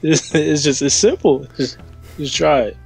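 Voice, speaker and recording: A man's voice: fairly high pitch, unhurried, gravelly, husky, soft background music. A man guesting on a casual podcast chat, laid-back and giving short replies.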